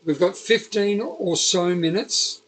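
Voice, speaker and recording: Husky Liverpool man, chatty host. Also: high-pitched, takes it slowly, a bit bright, low-quality recording. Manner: rambling, chatty, many fillers and restarts. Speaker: podcast host. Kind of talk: casual interview chat.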